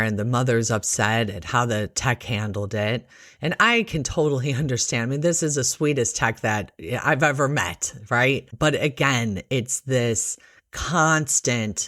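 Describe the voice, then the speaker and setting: A middle-aged woman, an ER nurse, telling a work story in a casual, animated way and acting out the other people's voices. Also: extremely low pitch, dry recording, studio quality. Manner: animated, acts out voices in quotes. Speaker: ER nurse and podcast host.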